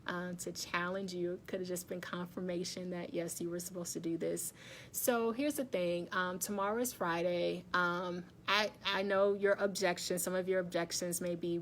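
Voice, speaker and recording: A woman with a slightly low voice hosts a casual live stream, talking straight to her camera. She chats easily, laughs often and greets commenters by name. A faint low rumble hums under the recording. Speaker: wellness livestream host. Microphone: phone or webcam facing her.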